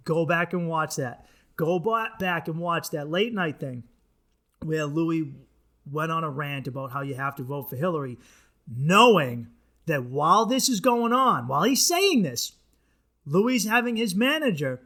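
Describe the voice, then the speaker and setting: A man hosting his comedy podcast, ranting in a profane, animated monologue. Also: a little high, normal speed.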